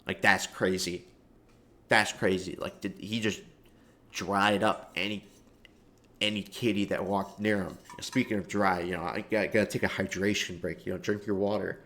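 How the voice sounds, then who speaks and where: A man with a fairly low voice talks through a loose, comedic monologue. He swears freely and leans on casual fillers, wandering from point to point in an offhand way. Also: fairly even intonation, moderate pace, fairly bright tone. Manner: rambling and profane, heavy fillers. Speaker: video commentator.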